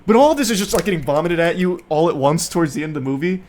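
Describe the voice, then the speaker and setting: A man's voice: on the high side, expressive, fast, a little mellow, slight background noise. A man from the United States, a streamer, ranting about a movie in a casual, sarcastic and profane way. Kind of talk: casual movie review rant.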